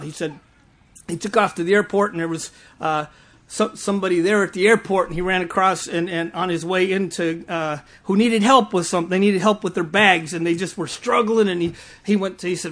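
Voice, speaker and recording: High-voiced male preacher. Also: steady tone, brisk, fairly bright tone. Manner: storytelling, stumbling restarts, teasing laughs. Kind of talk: sermon.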